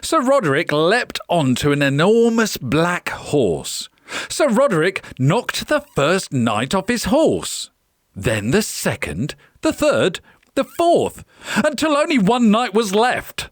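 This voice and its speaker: A woman reading a children's picture book aloud in an expressive storytelling manner. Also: on the low side, takes it slowly, dry recording, studio quality.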